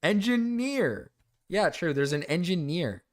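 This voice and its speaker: A man's voice: fairly high pitch, a little fast, no room sound, clean studio sound. Brief: male streamer, profane sarcastic reaction rant. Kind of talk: reaction commentary.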